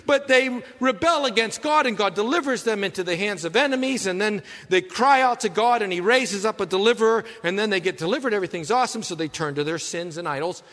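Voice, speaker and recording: A man preaching a sermon, telling stories and swinging between loud, earnest passages and hushed ones. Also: high voice, expressive, fast, hardly any pauses. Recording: long reverb of a hall.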